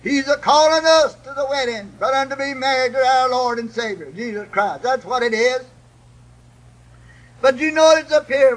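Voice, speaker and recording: A man preaching a sermon, putting a breathy "uh" between phrases. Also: very high-pitched, low-quality recording. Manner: chanting, with "uh" after each breath and repeated "God bless your heart". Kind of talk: old-time preaching sermon.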